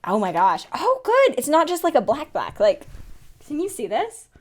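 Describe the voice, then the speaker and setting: A young woman in a casual makeup unboxing vlog, chatty and excitable, often gasping and laughing. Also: high-pitched, moderate pace. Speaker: beauty vlogger.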